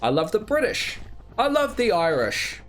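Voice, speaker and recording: Lively New Zealand man streaming. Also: high voice, moderate pace. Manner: rambling, joking, crude banter. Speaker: game streamer. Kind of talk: casual livestream chat.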